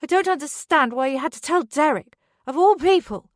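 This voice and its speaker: A woman's voice: a little high, lively intonation, normal speed, darkish tone, dry recording, studio quality, natural voice. A woman narrator voicing a tipsy, upset wife who argues in a heated, slurred, defensive way. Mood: drunk, angry. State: drunk.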